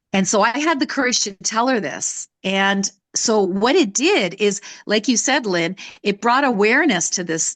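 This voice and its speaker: A woman's voice: medium pitch, fairly bright tone, no echo. A woman in her sixties, a personal development coach, telling a personal story in a candid, emphatic way during a live talk. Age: 60s. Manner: candid, emphatic, raises her voice to act out others in quotes.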